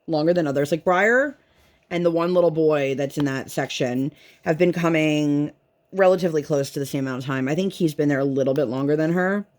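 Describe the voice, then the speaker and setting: A woman's voice: low voice, a little mellow. A woman vlogger and mother chatting casually while she works on a craft, rambling and leaning on "like" a lot. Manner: rambling, chatty, heavy use of "like".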